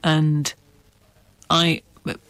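A middle-aged man from Wales, an author answering interview questions in a careful, measured way with a slight stammer. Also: a little high, monotone, a bit bright, dry recording. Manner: careful, measured speech with occasional stammer and light laughs. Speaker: author guest.

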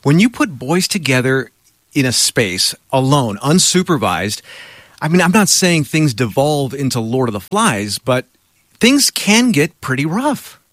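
Middle-aged male host, mid-pitched, dry sound, earnest and chatty. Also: sing-song, unhurried, a bit bright, dry recording. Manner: earnest, chatty, self-deprecating. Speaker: interviewer host. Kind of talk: conversational interview.

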